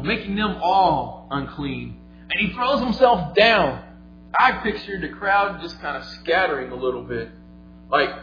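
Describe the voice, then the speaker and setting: A man preaching a sermon, retelling a story vividly, moving between quiet and emphatic delivery. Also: on the high side. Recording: echoey, slightly dull, faint music.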